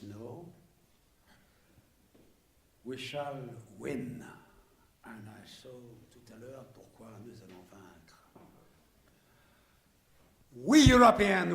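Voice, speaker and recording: A man with a French accent, French by birth, giving a conference speech in halting, broken English that slips into French. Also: fairly high pitch, gravelly, roomy sound. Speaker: conference speaker. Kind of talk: public speech. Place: conference hall.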